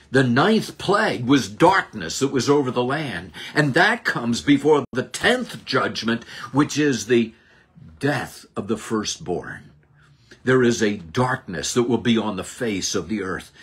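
A man teaching a Bible lesson as a sermon, slow and deliberate, dropping low and rising high for emphasis. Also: fairly bright tone, breathy edge. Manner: slow, deliberate preaching with dramatic drops and rises.

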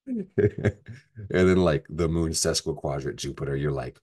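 Very deep-voiced, swearing astrology man. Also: normal speed, darkish tone. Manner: profane, rambling, jokey. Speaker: astrology vlogger. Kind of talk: casual astrology forecast.

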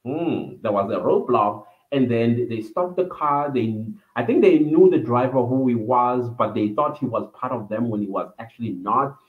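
Male vlogger telling a story, mid-pitched, rambling, tinny phone-like sound in an echoey room. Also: expressive, normal speed, hardly any pauses. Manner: reminiscing, meandering with fillers. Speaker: vlogger hosting a livestream. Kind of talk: personal storytelling.

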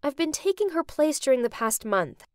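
A woman narrating a dramatic first-person story in a scripted, expressive way. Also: high voice, moderate pace, no room sound, studio quality.

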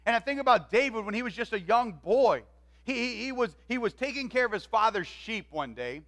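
A man preaching a sermon, retelling a story in an animated way and acting out its voices. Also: extremely high pitch, fairly quick. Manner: animated, acts out quoted voices. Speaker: pastor. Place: church.

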